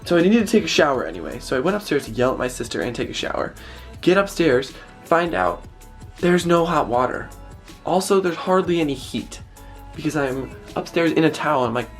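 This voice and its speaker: A teenage man vlogging in a casual, animated way, exasperated and acting out the people he quotes. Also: mid-range voice, a little fast, gravelly, soft background music. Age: teens. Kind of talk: casual vlog storytelling. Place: cold house and busy restaurant.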